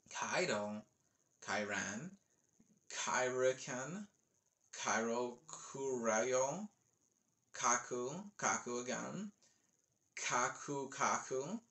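A man slowly reading out a long list of names, one at a time, with offhand casual asides. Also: mid-range voice, creaky, bright, forceful tone. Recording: roomy echo.

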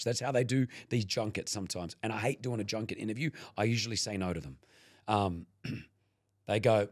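A man's voice: lowish voice, moderate pace. A middle-aged man from Australia, a radio presenter chatting as a podcast guest and telling anecdotes, acting out what people said. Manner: animated anecdote teller, acts out quoted lines. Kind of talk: casual chat, storytelling.

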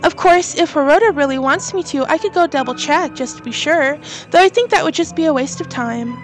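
A woman's voice: high voice, brisk, faint music behind, lightly acted. A woman voicing a scheming female coworker in a horror game, speaking in a falsely casual way.

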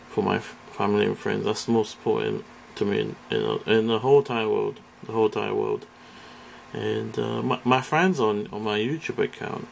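A low-voiced British man with a gravelly rasp rants in a rambling, profane vlog, hesitating and restarting as he goes. A faint room hum sits under his voice. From Britain. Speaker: vlogger. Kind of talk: casual vlog rant. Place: indoors, face off camera.

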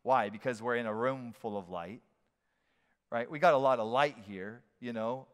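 A man preaching a sermon as a pastor, animated and playful, now and then acting out shouted voices. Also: mid-range voice, moderate pace, clear, resonant tone. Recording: long hall reverb.

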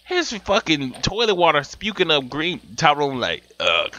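A young man giving loud, profane, excitable commentary while playing a life-sim game, swinging from yells to mutters. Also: a little high, moderate pace. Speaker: gaming YouTuber. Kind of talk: profane comic gameplay commentary. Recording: dull lo-fi home mic with game music.

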